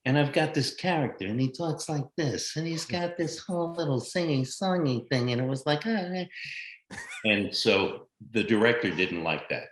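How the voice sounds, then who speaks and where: An older American man, a guest actor telling lively, blunt, profane stories from his career in a casual interview. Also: medium pitch, normal speed, hardly any pauses, slight background noise. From United States. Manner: animated anecdotal storyteller, blunt and profane. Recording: echoey room sound.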